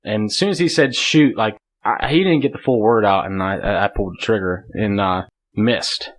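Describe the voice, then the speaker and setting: A man's voice: on the low side, moderate pace. A man as a podcast guest, telling a hunting story in casual conversation, laughing often and rambling with lots of filler words.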